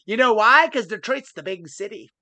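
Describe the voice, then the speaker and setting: A podcast co-host chatting casually, teasing and animated. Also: medium pitch, normal speed, a crowd in the background. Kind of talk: casual chat.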